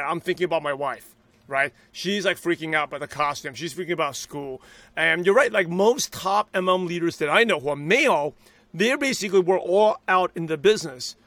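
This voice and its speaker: A man in his thirties hosting an interview, eager and reflective, quick to agree. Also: high voice, sharp tone, no room sound. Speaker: podcast host. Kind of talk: casual interview talk.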